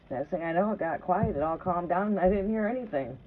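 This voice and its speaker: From her trailer home, this tarot streamer chats in a medium-pitched voice that runs a little fast, barely pausing. She rambles, swears through her stories, and often asks "right?". The audio comes through tinny and phone-like, with faint noise.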